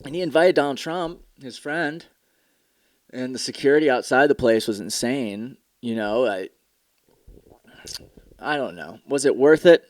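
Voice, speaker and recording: A man's voice: medium pitch, a little slow, pauses often, a little mellow, dry recording, studio quality. Tired, profane young man ranting. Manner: profane, sarcastic, rambling. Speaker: podcast host. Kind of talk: casual solo podcast rant.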